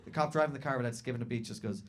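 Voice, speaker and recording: Brash, profane comedian. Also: male voice, medium pitch, rapid-fire, slight background noise. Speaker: stand-up comedian. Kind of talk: stand-up storytelling. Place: comedy venue stage. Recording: stand-up set with loud crowd laughter. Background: audience laughter.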